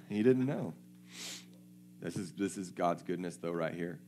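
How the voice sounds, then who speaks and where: A man's voice: low-pitched, slow pace, warm tone, slight background noise. A man preaching a sermon, reading scripture aloud and checking in with his listeners in a conversational way.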